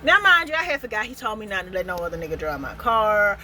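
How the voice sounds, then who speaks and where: A woman vlogger telling a casual storytime in an animated, expressive way, laughing often. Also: medium pitch, fast talker, a little hiss or hum, poor audio.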